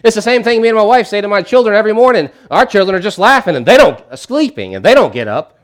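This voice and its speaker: A middle-aged pastor preaching in a casual, conversational way. His voice sits in an ordinary male range but swings widely, rising loud and emphatic on key lines and dropping to near-quiet asides. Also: sits high, big pitch swings, fast talker. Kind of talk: sermon.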